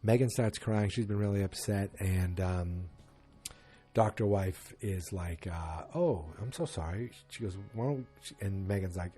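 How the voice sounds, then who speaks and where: Male podcast host, lowish voice, rambling casual recap delivery. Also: fairly even intonation, a little slow, dark tone, faint music behind. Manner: rambling, loose and chatty with frequent restarts. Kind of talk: casual solo episode recap.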